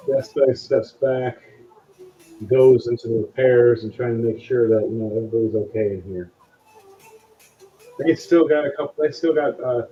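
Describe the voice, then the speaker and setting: A man's voice: mid-range voice, dull audio. Game master man, casual narration. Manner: loose, casual, with frequent fillers.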